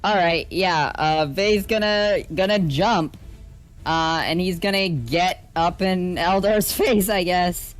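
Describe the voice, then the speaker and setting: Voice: mid-range voice, takes it slowly, soft background music. A player in a tabletop game talking casually and working things out aloud. They trail off, hedge and restart as they map out a move. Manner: hesitant, thinking aloud.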